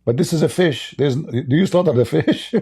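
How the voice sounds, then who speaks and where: A hoarse middle-aged man hosting a casual livestream chat. He mocks, chuckles often, and keeps coughing and clearing his throat as his voice gives out. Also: a little high, moderate pace, warm tone. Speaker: livestream debate host.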